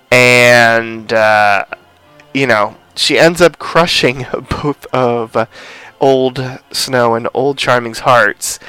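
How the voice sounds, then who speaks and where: A young man rambles through a TV episode recap with plenty of fillers, slipping into the characters' lines as he goes. His voice is smooth and resonant, recorded dry and close with no room sound. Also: medium pitch, fairly bright tone, dry recording. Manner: rambling, lots of fillers, acts out quotes. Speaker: podcast co-host recapping a TV episode. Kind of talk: casual recap chat.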